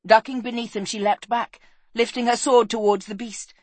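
A woman narrating a fantasy adventure book, reading expressively and dropping low and soft in the sad passages. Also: fairly even intonation, normal speed, no echo. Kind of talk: dramatic storybook narration.

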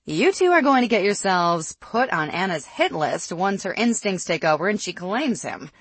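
A narrator voicing a firm, calm Fae warrior woman who speaks with command. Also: medium pitch, moderate pace, husky, no echo, pitched above the performer's own voice. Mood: stern.

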